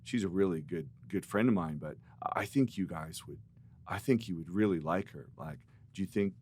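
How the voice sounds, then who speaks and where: A man's voice: sits low, normal speed, darkish tone, slight background noise, lightly acted. A man voicing his friend, an eager male security guard, in a pleading, insistent way.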